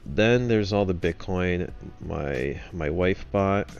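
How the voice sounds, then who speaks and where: A man's voice: deep voice, animated, takes it slowly, vocal fry, a little mellow, dull audio, soft background music. A man hosting a livestream in casual chat, rambling with fillers and jokes. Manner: rambling, full of fillers, joking. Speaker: host of a trading livestream.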